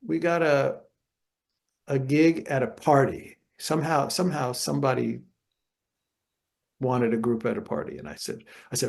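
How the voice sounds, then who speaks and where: An older man being interviewed as a jazz guitarist, telling animated anecdotes and acting out other people's voices. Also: medium pitch, moderate pace. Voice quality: gravelly. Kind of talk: storytelling interview.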